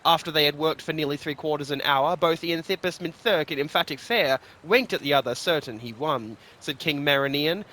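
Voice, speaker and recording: Man, lore reader, expressive storyteller, bright, slightly high voice. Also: fairly quick, few pauses. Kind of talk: scripted fantasy story reading.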